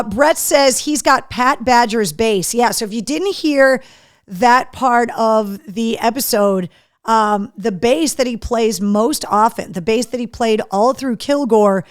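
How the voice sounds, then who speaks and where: Hiccuping throughout, a radio and podcast host keeps up a chatty, animated flow on her live show, reading viewer comments out loud. Her voice sits on the high side, and the clean studio sound carries no echo.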